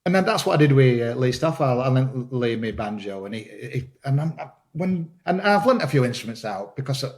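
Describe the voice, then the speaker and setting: A man talking as a podcast guest in casual conversation, enthusiastic and halting, often repeating words as he starts a thought. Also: mid-range voice, expressive. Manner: enthusiastic, laughs while talking. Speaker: podcast guest, green woodworker.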